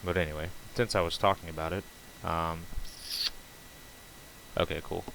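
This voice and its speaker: Low, flat-voiced man rambling on stream. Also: normal speed, gravelly, long pauses, a little hiss or hum, low-quality recording. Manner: rambling, loose, full of fillers and restarts. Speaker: streamer building on a game server. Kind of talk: casual rambling stream chat.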